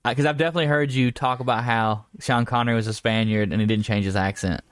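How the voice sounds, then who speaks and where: A man co-hosting a casual comedy podcast, trading crude deadpan jokes. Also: medium pitch, fast, smooth, dry recording, clean studio sound. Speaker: podcast co-host.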